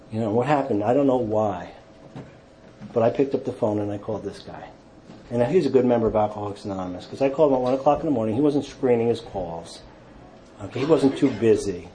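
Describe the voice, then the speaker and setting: A man telling his recovery story to an audience, acting out quotes with self-mocking humor and dropping to low, quiet tones in the hard parts. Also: brisk, slight background noise, poor audio. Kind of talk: personal testimony talk to an audience.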